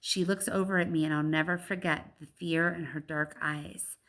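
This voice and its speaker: A woman with a lowish voice reads a children's novel aloud. Her telling is lively, and now and then she breaks off into chatty asides. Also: moderate pace. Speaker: audiobook reader.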